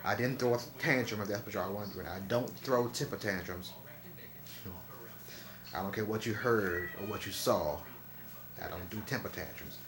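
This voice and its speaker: A man's voice: fairly low pitch, normal speed, echoey room, a crowd in the background. A chatty young man, talking casually to camera at home. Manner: chatty, talks straight to viewers. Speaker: vlogger. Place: indoors at home.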